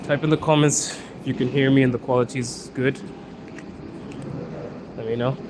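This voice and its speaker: Chatty man live-streaming in loud metro. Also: mid-range voice, steady tone, normal speed. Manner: chatty, talks straight to viewers. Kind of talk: casual walking live stream. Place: Moscow metro station. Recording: loud background noise from the metro. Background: metro and street noise.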